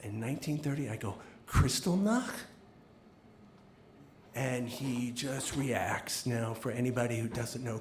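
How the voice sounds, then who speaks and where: A man telling a personal story live on stage, earnest and halting, acting out bits of dialogue. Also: mid-range voice, a little mellow, a little hiss or hum. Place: theater stage before an audience. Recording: roomy live venue sound.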